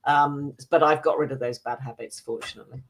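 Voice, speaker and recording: A British woman reviews television programmes on a radio show, chatty and measured, with many small fillers. Her voice sits low for a woman. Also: fairly even intonation. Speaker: film and TV critic. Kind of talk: casual review chat.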